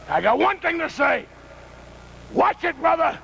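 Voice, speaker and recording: A wrestling manager cutting a loud, boastful promo and taunting the interviewer. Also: male voice, very high-pitched, very animated, unhurried, gravelly, highs cut off, a little hiss or hum.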